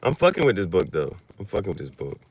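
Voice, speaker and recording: Low-voiced guy, aave, rambling loose vlog talk, pitch jumps all over. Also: huge pitch swings, fast talker, darkish tone, slightly rough. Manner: rambling, loose, with many restarts and fillers; spells out unfamiliar words letter by letter. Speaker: vlogger. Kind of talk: casual chat while reading.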